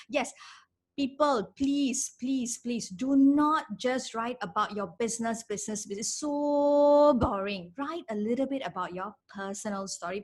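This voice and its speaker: A middle-aged woman, teaching a live webinar as an online presence trainer, animated and emphatic, repeating her key phrases. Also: fairly high pitch.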